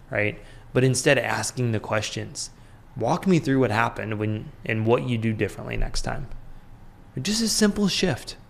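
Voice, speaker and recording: A man's voice: fairly low pitch, moderate pace, vocal fry. A man in his thirties, a podcast host, giving casual business advice in a conversational way, full of fillers and "right?" checks.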